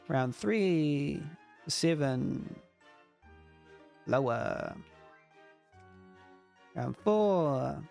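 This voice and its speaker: A man's voice: mid-range voice, gravelly, a little mellow. A man judging a game jam entry on a livestream, talking casually and reacting aloud to each guess as he plays. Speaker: game jam judge and streamer. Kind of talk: casual let's-play commentary.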